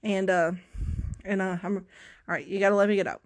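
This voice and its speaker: A woman's voice: mid-range voice, fairly even intonation, a little fast. A young woman vlogger telling a story to camera in a casual, rambling, self-mocking way, full of dramatic asides and restarts.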